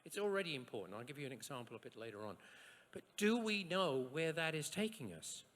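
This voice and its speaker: Lively male lecturer in an echoey hall. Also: a little high, brisk. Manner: lively and rhetorical, with asides and short jokes. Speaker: scientist giving a lecture. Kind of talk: university lecture.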